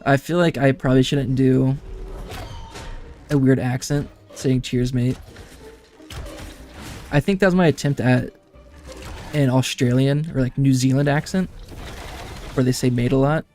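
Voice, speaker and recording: A man's voice: medium pitch, fairly even intonation, measured pace, pauses often, a little mellow, soft background music. A man streaming a game, rambling and chatting casually to his viewers and laughing often.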